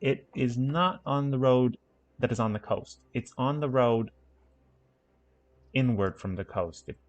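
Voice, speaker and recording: A man's voice: medium pitch, measured pace. A man giving casual let's-play commentary on a city-building game, rambling and correcting himself with playful asides. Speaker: gaming channel host.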